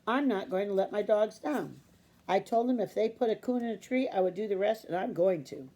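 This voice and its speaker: A woman's voice: mid-range voice, fairly quick, warm tone, lightly acted. A woman voicing a determined young country boy in a storybook reading, speaking earnestly. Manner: earnest and pleading.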